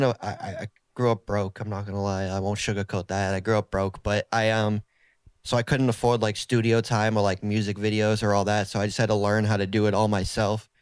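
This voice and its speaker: A man's voice: fairly low pitch, clear, resonant tone, no echo. A man in his twenties from South Boston with a strong Boston accent, chatting casually as a podcast guest and dropping "like" everywhere. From South Boston, USA. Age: 20s. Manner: relaxed, filler-heavy talk with many "like"s. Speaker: podcast guest, therapist and rapper. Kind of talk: casual interview chat.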